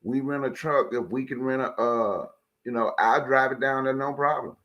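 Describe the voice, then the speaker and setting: A man's voice: medium pitch, moderate pace, dull audio. A man co-hosting a casual radio talk show, blunt and emphatic, his voice rising when he gets heated. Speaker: co-host.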